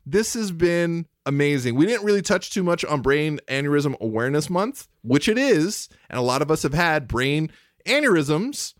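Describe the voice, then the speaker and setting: A man's voice: fairly high pitch, very animated, moderate pace, no echo, clean studio sound. A man co-hosting a podcast in casual chat, heartfelt and emotional, rambling and restarting his sentences. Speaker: podcast co-host.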